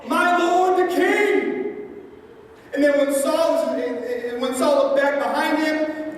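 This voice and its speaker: Woman pastor, high voice, chatty storytelling sermon; distant mic, very echoey hall. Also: a little hiss or hum. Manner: conversational storytelling with playful asides. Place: large church hall.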